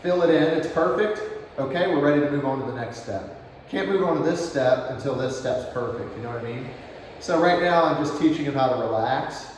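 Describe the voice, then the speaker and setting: A man working as a dog trainer, explaining his steps while he demonstrates, relaxed and praising the dog softly. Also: mid-range voice, a little fast, a little hiss or hum. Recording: distant, roomy outdoor camera audio.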